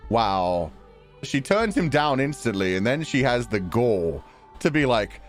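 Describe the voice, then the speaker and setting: A man's voice: medium pitch, very animated, measured pace, soft background music. A man commenting casually on a visual novel as a streamer, laughing, crude and teasing.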